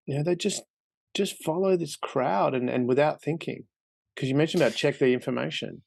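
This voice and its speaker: A man's voice: mid-range voice, moderate pace, gravelly, darkish tone, no echo. A man hosting a casual interview, rambling and thinking aloud as he asks his questions. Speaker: podcast host.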